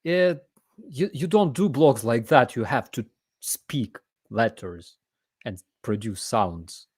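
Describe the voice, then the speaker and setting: A man voicing an exasperated male passerby who scolds a vlogger in a high, drawn-out squeak. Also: lively intonation, darkish tone, slightly rough, no echo, studio quality. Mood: indignant.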